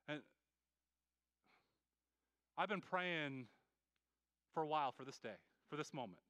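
A man preaching a sermon as a pastor, earnest and pleading, with many quick restarts and repeated words. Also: sits high, sharp tone, clean tone, dry recording.

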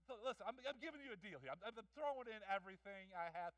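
Animated high-voiced male pastor. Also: racing, few pauses, no room sound, recorded from a distance, low-quality recording. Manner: animated storytelling with jokes and acted-out voices. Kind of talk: sermon. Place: church hall.

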